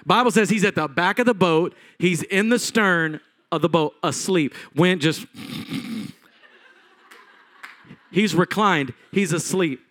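A man preaching from the pulpit in a fairly high voice. He tells the story with animated swings, rising loud and then dropping to a hush. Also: takes it slowly, pauses often. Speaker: pastor. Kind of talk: sermon.

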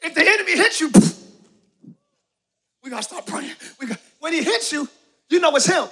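A man preaching a live sermon in a church, shouting his points and calling on the congregation to answer. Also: very high-pitched, big pitch swings, moderate pace. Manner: preaching with shouted emphasis and call-and-response to the congregation. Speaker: pastor. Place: church sanctuary.

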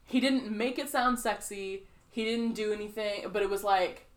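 A woman co-hosting a podcast, chatting casually with a middle-pitched voice. She rambles, fills gaps with "like" and "um," and acts out the voices of the people she quotes. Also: normal speed. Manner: rambling, filler-heavy, animated quoting. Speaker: podcast co-host. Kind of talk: casual chat.

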